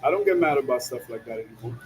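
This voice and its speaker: A man's voice: mid-range voice, lively intonation, rapid-fire, darkish tone, low-quality recording. A man in a casual monologue, slangy and full of "yo", laughing often as he talks while driving. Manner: slangy, peppered with "yo" and "you know what I'm saying"; laughs often between lines. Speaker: vlogger. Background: music.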